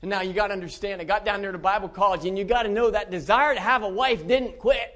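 A man's voice: high-pitched, quick pace. A middle-aged man from central Pennsylvania, telling his conversion story to a church in a folksy, chuckling way. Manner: folksy storytelling, warm chuckles, many restarts. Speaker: preacher giving testimony. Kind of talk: personal testimony in a church.

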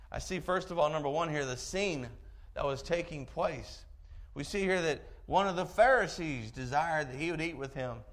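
A man preaching a sermon, telling a story in an animated way with chuckling asides. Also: mid-range voice.

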